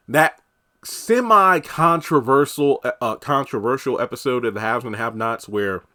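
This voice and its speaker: Male reviewer, casual recap delivery, acts out quotes from the show; easy middle-pitched voice, lively and expressive. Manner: animated, acts out quotes from characters. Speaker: TV episode reviewer.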